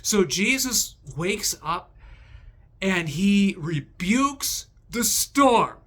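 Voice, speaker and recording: A man hosting a devotional video, recapping Bible passages with animated, emphatic storytelling. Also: high voice, very slow.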